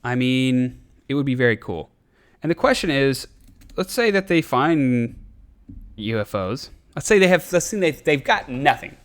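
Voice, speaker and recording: A man's voice: medium pitch, big pitch swings, a little slow. A man hosting a podcast, ranting in a casual, sarcastic, profane comedic way. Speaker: podcast host.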